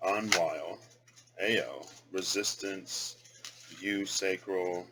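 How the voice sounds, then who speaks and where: Against background noise, a low-voiced man talks extremely slowly during a casual tarot and rune reading vlog. He thinks aloud while pulling and reading cards, muttering and repeating words as he works out pronunciations.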